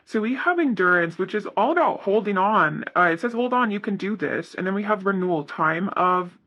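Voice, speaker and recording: Man, tarot reader, casual reading, bright tone, rambling, self-correcting. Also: high voice, expressive, fairly quick, lo-fi sound. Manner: rambling, self-correcting, many "you know" fillers.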